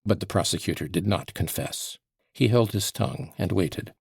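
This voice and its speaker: A man narrating a classic novel audiobook in an expressive storytelling manner. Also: sits low, normal speed, gravelly, husky, dry recording, clean studio sound.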